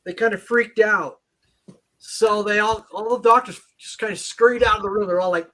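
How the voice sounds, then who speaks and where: A man with a high-pitched voice talks as a guest on a livestream. He explains things patiently, step by step, in a casual, conversational way. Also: fairly even intonation, a little fast, pushed and bright. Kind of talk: casual chat. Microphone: livestream call.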